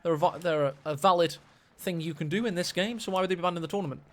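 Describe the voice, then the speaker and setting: A man casting a strategy game match, excitable and quick to gasp at big plays. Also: high voice. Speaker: esports caster. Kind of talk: live game commentary.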